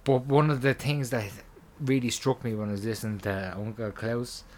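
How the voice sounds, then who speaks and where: A man's voice: mid-range voice, fairly even intonation, normal speed, a little hiss or hum. Sweary, rambling man chatting. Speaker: co-host. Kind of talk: casual podcast chat.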